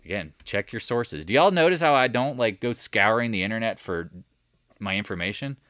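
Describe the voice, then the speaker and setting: A man hosting a live market chat, walking viewers through charts with animated asides and rhetorical questions to the chat. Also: on the low side, moderate pace, clear, resonant tone, dry recording, clean studio sound. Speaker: market commentary host. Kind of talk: live stock chart commentary.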